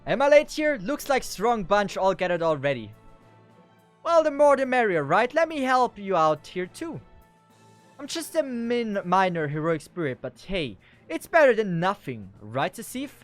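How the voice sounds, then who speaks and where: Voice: medium pitch, sing-song, moderate pace, natural voice. A streamer voicing a cheerful male archer hero with an exaggerated mock-Italian lilt, reading game dialogue aloud over faint game music. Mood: cheery.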